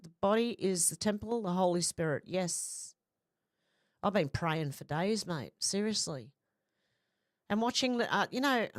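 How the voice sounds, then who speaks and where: A woman's voice: mid-range voice, no room sound, clean studio sound. A woman hosting a casual live stream, reading out viewer comments and rambling in a chatty way. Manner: chatty, rambling, laughs easily.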